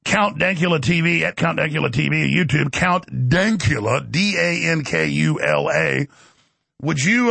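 A man's voice: fairly high pitch, lively intonation, creaky, fairly bright tone, husky, dry recording. A middle-aged man hosting a talk show, delivering a heated, mocking political monologue. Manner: fast, heated, mocking rant.

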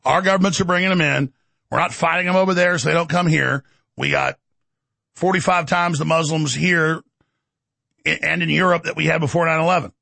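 Male talk radio host: gravelly, husky, ranting, sharp bright tone, dry close sound. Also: on the high side, dry recording. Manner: forceful, combative, ranting. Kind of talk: heated talk radio monologue.

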